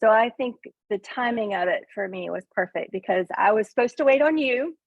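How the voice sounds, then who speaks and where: A middle-aged woman with a Southern accent from Tennessee, a farmer telling her story in casual, hesitant talk with many pauses and ums. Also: fairly high pitch, animated, husky, no room sound. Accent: Southern US (Northeast Tennessee). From Northeast Tennessee. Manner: hesitant, lots of ums, self-deprecating laughs. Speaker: farmer, coaching student. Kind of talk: casual testimonial on a video call. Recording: tinny phone-like line.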